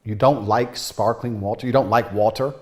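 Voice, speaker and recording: A man's voice: lowish voice, steady tone, normal speed, close to an everyday voice. A man playing a brash, boastful male influencer with a British accent who drops patois, ranting and swearing. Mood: smug. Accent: British with patois slips.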